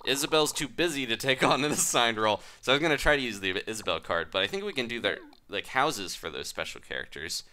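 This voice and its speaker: A man giving casual, playful commentary over a life-sim game, with soft game music behind. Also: medium pitch, lively intonation, fast, few pauses. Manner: playful, reads game dialogue aloud. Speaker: gaming video host.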